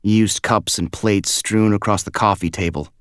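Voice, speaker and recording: Male audiobook narrator, very low voice, quiet measured first-person read, dry close booth sound. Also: fairly even intonation, smooth, dry recording.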